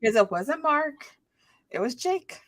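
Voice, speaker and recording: A woman with a mixed Southern and Midwestern American accent chats on a podcast. She talks in a lively way, acting out little quotes with laughs. Her voice sits mid-range, and the recording is dry and close. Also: high-pitched, slow pace, no room sound. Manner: animated, acts out quotes with laughs. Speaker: podcast co-host. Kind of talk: casual chat.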